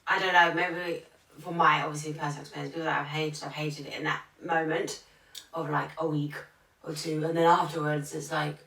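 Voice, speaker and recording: A woman's voice: low-pitched, little pitch movement, a little fast, gravelly, fairly bright tone, recorded from a distance. A woman co-hosting a podcast, chatting casually and rambling with many fillers and restarts. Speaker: podcast co-host. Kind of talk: casual chat. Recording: roomy, off-mic sound.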